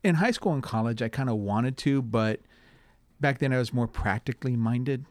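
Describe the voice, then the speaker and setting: Relaxed man telling his story. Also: mid-range voice, normal speed, no echo. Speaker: community theater actor. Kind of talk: casual interview.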